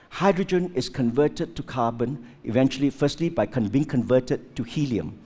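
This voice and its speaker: A man preaching a sermon with lots of rhetorical questions, swinging between loud outbursts and hushed asides. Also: mid-range voice.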